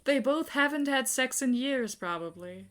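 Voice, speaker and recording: Brief: bright, crisp-toned woman co-host, wry and blunt, swears casually. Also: high-pitched, animated, moderate pace. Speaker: book club co-host. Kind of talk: casual book chat.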